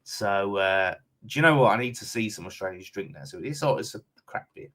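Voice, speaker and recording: A man's voice: fairly low pitch, animated, normal speed, bright, forceful tone. A man with an Essex accent hosting a casual fan live stream, reading out viewer comments in a blunt, chatty way and calling everyone mate. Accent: London and Essex.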